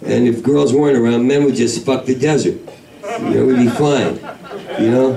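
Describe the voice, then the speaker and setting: A man doing a stand-up comedy set in a club, talking in a manic, rambling, profane way that breaks into shouted voices. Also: mid-range voice, moderate pace, creaky. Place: comedy club main room. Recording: echoey club recording from far off with crowd. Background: audience laughter.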